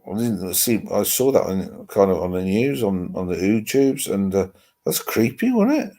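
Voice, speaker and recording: This livestream host talks in a lowish, warm voice at normal speed, his pitch swinging widely. He chats casually with live viewers from home, sitting with his laptop on his lap and using its built-in mic, rambling along with mild cursing.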